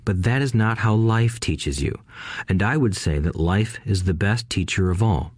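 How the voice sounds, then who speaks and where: A man voicing a calm, quiet older businessman who lectures a boy in an unhurried way, in an audiobook reading. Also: fairly low pitch, no room sound, studio quality. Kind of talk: audiobook character voice.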